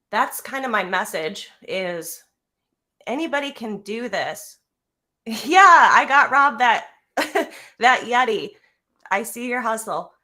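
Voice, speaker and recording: A woman's voice: mid-range voice, bright, forceful tone. A woman giving an emotional tribute on a livestream video call, nervous and close to tears, earnest and heartfelt. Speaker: guest speaker.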